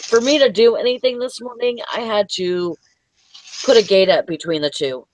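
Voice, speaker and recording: A woman's voice: mid-range voice, moderate pace, darkish tone, a little hiss or hum, poor audio. A woman rambling bluntly in casual live chat, swearing freely.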